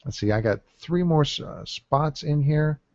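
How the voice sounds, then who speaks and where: Here a gameplay commentator talks through a card-game draft, muttering counts and leaning on lots of fillers as he builds his deck. His voice sits on the high side, expressive and a little mellow, at a moderate pace. The dull lo-fi mic is dry, with no echo.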